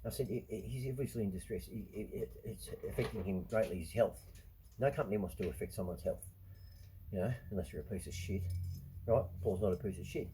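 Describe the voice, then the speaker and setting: A man's voice: lowish voice, dark tone, a little hiss or hum, poor audio. A middle-aged Australian man, host of his own show, swearing constantly through a ranting, blunt monologue. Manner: swears constantly, rants, quick to anger. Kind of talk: profane monologue.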